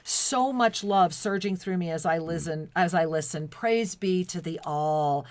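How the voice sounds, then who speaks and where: A woman's voice: on the low side, measured pace, no room sound. A woman co-hosting a spiritual talk radio show, reading listener messages in an effusive, devotional way and often restarting her sentences. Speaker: co-host.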